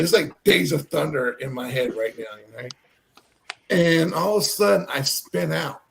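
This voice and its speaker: Man from Texas, slightly high, gravelly voice, rambling story with lots of fillers. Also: a little hiss or hum. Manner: rambling, animated, many fillers. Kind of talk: casual storytelling.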